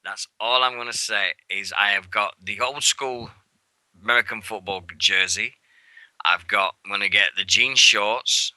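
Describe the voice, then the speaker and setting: A man co-hosting a wrestling radio show, chatting casually and excitably, swearing and acting out moments. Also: lowish voice, a little slow, dry recording, low-quality recording. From England. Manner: rambling and excitable, swears freely, acts out moments. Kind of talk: casual show recap chat. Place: radio studio.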